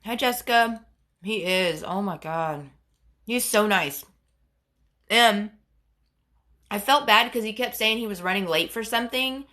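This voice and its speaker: Her mid-range voice is bright and forceful, and she talks a little slowly with frequent pauses. She's a livestream host with a head cold, rambling and filler-heavy as she reads comments in a casual chat with viewers.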